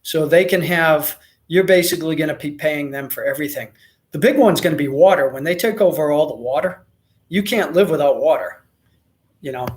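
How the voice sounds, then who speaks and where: A man's voice: on the high side, brisk. An American man hosting a casual livestream, reading viewer comments and chatting in a rambling way with lots of fillers and restarts. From United States. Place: Mexico.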